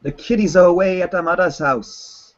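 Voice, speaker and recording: A man hosting a casual online chat, teasing in a deadpan way with oddly broken phrasing. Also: high voice, normal speed. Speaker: channeler hosting a hangout. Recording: dull lo-fi call audio.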